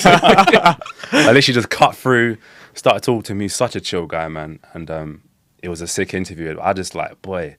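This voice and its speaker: Fast-talking deep-voiced man. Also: no room sound. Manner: slangy, animated storytelling. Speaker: podcast guest, street interviewer. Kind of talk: casual storytelling chat.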